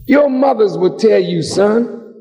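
Slow, high-voiced preaching man. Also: lively intonation, soft background music. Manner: dramatic preaching, rising to shouts. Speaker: minister. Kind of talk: sermon. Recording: long hall reverb.

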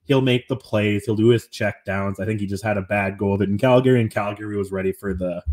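A man's voice: lowish voice, fast talker, darkish tone. A man talking casually on a sports podcast, rambling and self-deprecating, restarting often. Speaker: podcast co-host.

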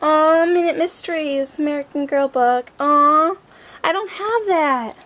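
A woman's voice: high voice, measured pace, fairly bright tone. A woman vlogger opening presents on camera and gushing over each one with repeated exclamations. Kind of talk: casual unboxing chat.

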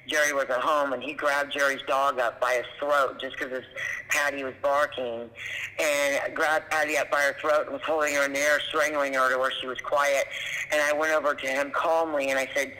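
A man calmly recounting something he witnessed, in a plain, matter-of-fact way. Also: mid-range voice, moderate pace, long reverb tail, rough recording. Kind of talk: recounting a past event.

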